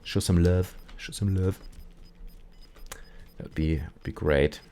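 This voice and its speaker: Speaking slowly in a deep voice, a man hosts a live gaming stream and chats casually while he plays. A streamer and call-in show host, he rambles through animated stories and puts on voices for quotes.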